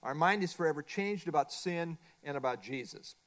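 A middle-aged Bible teacher takes his class through a workbook page by page, stressing his main points and repeating them over and over. His voice is a bit high for a man, animated and fairly bright, at a moderate pace.

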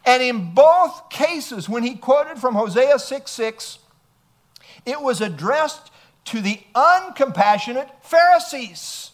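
A man's voice: very high-pitched, expressive, takes it slowly. A male pastor preaching an emphatic sermon, reading scripture aloud and asking rhetorical questions.

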